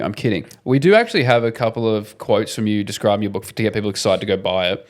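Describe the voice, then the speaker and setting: A man's voice: on the low side, fast, hardly any pauses. A man hosting a podcast, interviewing his guest in a teasing, mock-serious way. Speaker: podcast host. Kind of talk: casual podcast chat. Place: podcast studio.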